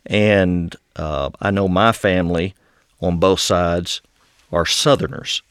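Low-voiced West Texan man. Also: fairly even intonation, a bit bright, smooth, dry recording, clean studio sound. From Amarillo, Texas. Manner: polite, deliberate, says "yes, sir". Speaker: audience questioner. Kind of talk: conversational Q&A. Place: barn.

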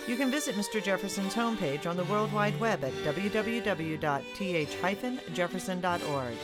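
Mid-pitched radio announcer reading credits over a clear fiddle bed, measured and deliberate. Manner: measured, spelling out details slowly. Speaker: program announcer. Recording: voice over music. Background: fiddle music.

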